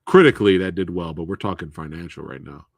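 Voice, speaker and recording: A man's voice: low voice, fast talker, vocal fry, no room sound, studio quality. A man hosting a live movie Q&A stream, chatting casually, laughing often and swearing freely.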